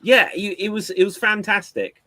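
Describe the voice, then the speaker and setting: A man co-hosting a casual podcast chat, telling an animated story and acting out quotes. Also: high-pitched, normal speed, no room sound. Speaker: podcast co-host.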